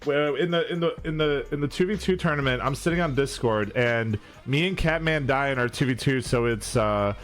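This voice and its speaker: A man's voice: medium pitch, brisk, hardly any pauses, faint music behind. A young man co-hosting a casual gaming chat, telling rambling, profane stories.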